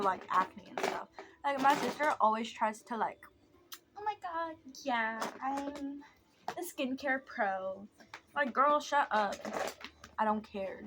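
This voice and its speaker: A young adult woman chatting casually while doing her makeup, rambling and mocking herself as she drifts off topic. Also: a little high. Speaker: vlogger.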